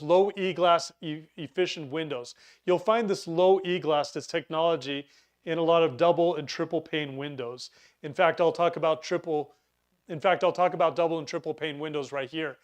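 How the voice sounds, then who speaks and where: A man's voice: fairly high pitch, moderate pace, darkish tone. Chatty man teaching home preparedness. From Utah. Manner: chatty, stumbles and restarts over words. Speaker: preparedness instructor. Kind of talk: informal teaching talk.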